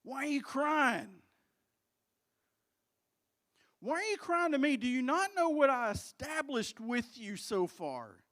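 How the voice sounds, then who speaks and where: A man's voice: very high voice, big pitch swings, moderate pace, a bit bright, pitched above the performer's own voice, exaggerated voice. A man preaching who voices God questioning and urging someone forward, firm and insistent.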